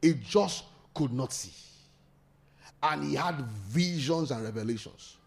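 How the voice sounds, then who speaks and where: A man's voice: fairly high pitch, expressive, measured pace, gravelly. A man preaching a sermon, leading call-and-response and laughing often.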